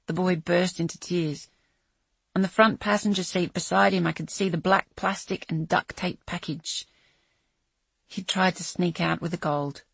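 A woman narrating a thriller audiobook in a measured, dramatic reading voice with a husky edge. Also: on the low side, dry recording. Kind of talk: scripted narration.

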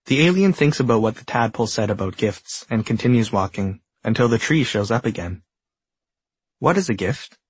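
A man narrating a whimsical storybook tale with a husky, slightly low voice. His delivery is gentle and deadpan, and the recording is close and dry with no room echo. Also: brisk, few pauses. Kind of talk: scripted narration.

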